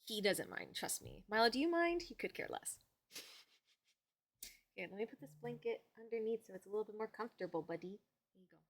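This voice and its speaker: A woman's voice: medium pitch, lively intonation, fairly quick, pauses often. A woman livestreaming from home, chatting casually with her viewers and fussing affectionately over the dog in her lap.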